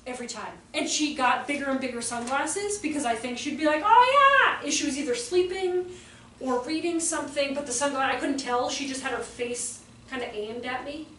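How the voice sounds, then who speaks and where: Woman workshop presenter, high voice, chatty storyteller who acts out quotes, heard from a distance with faint room ambience. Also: fairly quick, reverberant, slight background noise. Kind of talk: live workshop talk. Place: room with live audience.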